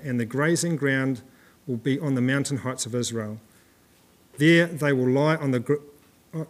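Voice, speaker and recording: Man preaching a conversational sermon. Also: medium pitch. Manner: conversational, with fillers and restarts. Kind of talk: sermon with scripture reading. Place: church.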